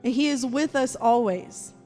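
Woman, preacher, fervent sermon, high voice, echoing church hall. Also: a little slow. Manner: fervent, rising to loud praying. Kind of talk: sermon and prayer. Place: church sanctuary. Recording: long hall reverb, faint music.

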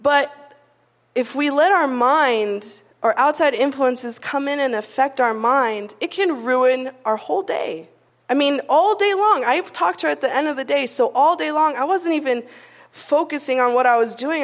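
A woman's voice: high voice, normal speed. A young adult woman giving a casual, conversational sermon, telling stories in a chatty way with many "like" fillers. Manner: chatty storytelling, frequent "like" fillers. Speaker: preacher. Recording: long reverb of a hall.

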